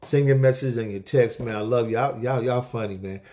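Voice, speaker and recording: A man's voice: medium pitch, normal speed, dark tone. A middle-aged man hosting a weekly inspirational talk, preaching to viewers in an exhorting, repetitive way and calling out amens.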